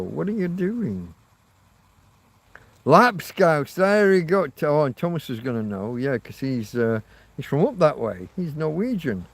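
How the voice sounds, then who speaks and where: With a slightly rough, higher-pitched voice on a dry recording, a Spain-based livestream host chats loosely with his viewers. He meanders, responds to the chat and makes fun of himself now and then.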